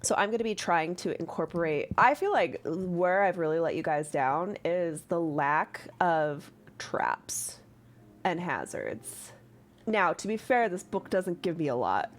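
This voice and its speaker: A woman's voice: fairly low pitch, expressive, a little slow. Rambling woman game master. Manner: rambling, filler-heavy and swears freely. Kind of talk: casual chat while running a tabletop game.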